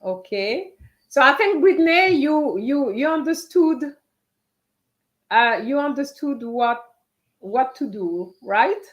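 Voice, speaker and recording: A woman teaching a live online French writing lesson, slowly reading out students' answers and encouraging them. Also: high-pitched, lively intonation, dull audio.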